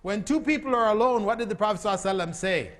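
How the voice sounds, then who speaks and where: A man's voice: high-pitched, very fast, a bit bright. Guy giving a religious talk, keeps asking the crowd questions, voice rings in a big hall. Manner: quizzes the audience with repeated questions. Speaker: Islamic lecturer. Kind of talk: lecture to a live audience. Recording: long hall reverb.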